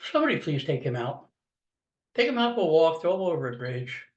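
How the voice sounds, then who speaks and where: A man's voice: on the high side, very animated, moderate pace. An older American man giving a blunt, sarcastic, rambling political rant in a casual monologue. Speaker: political commentator.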